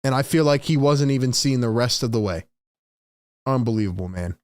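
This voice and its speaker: A man's voice: mid-range voice, expressive, brisk, darkish tone, no room sound. A man hosts a live-stream sports talk, venting exasperation at his chat. His voice sits in a mid range and sounds close and dry, with no room around it. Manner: exasperated, ranting.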